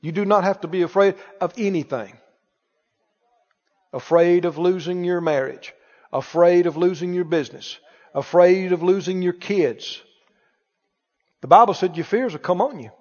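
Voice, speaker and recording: A man's voice: high voice, moderate pace, long pauses, a little mellow. A man preaching a sermon emphatically, leading his congregation in call-and-response. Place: church sanctuary. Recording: dull recording in a reverberant hall.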